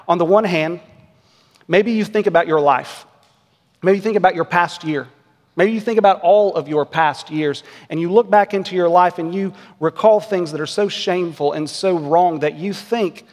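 A man in his thirties preaching a sermon in a church, earnest and measured, pressing his point with emphatic rhetorical questions. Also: sits high, darkish tone. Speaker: pastor. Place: church sanctuary. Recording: long church reverb.

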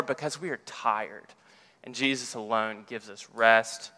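A man's voice: on the high side, sharp tone, clean tone, long reverb tail. A man preaching a sermon as a pastor, with earnest, rising and falling emphasis.

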